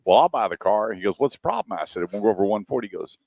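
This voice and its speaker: A man's voice: lowish voice, lively intonation, rapid-fire, creaky, a little mellow, no room sound, studio quality. A middle-aged man in casual radio chat, telling anecdotes and acting out quoted lines. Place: radio studio.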